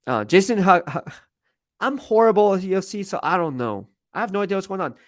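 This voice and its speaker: A man's voice: high voice, animated, a little fast, dry recording, studio quality. A man, a sports team reporter, hosting a casual live-stream Q&A from a media workroom and rambling in a self-deprecating way.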